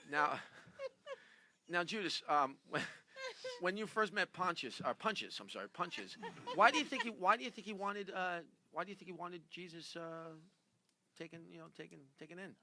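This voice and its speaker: A man's voice: sits high, expressive, normal speed, bright, forceful tone, slight background noise. A man hosting a comedy talk show, stammering and laughing through his questions. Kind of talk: improvised comedy interview.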